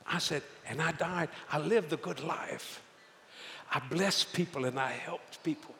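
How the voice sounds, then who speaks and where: An older man preaching a storytelling sermon, folksy and animated, acting out the voices of the people in his tales. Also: on the high side, unhurried, slight background noise. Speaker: evangelist. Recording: echoey hall with faint ambience.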